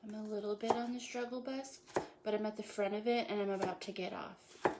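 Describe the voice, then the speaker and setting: A woman's voice: medium pitch, steady tone, fairly quick, heavy background noise. Woman, cooking show host, playful and punny; home kitchen with audible chopping and clicks. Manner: playful, jokey, self-praising with puns. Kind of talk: casual live cooking chat.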